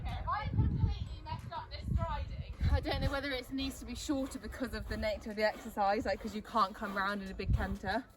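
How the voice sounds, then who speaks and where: A woman's voice: on the high side, fast, few pauses. Chatty young woman vlogger. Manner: chatty, self-mocking, breathless while jumping. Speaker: vlogger and rider. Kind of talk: casual vlog chat while riding. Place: outdoor riding arena. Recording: music playing behind.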